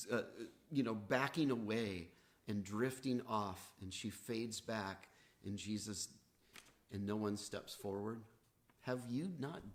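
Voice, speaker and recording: A man preaching a sermon as pastor, earnest, with rising and falling emphasis. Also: mid-range voice. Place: church, livestreamed.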